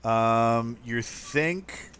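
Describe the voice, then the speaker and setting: A man's voice: medium pitch, extremely slow, slight background noise. A man narrating as game master for a tabletop game, talking loosely with many ums and uhs. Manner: relaxed, full of ums and uhs.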